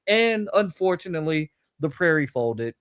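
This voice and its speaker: Sarcastic high-voiced male co-host. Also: big pitch swings, moderate pace, a bit bright, clear, resonant tone. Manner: sarcastic, acts out quotes. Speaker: podcast co-host. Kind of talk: casual storytelling chat.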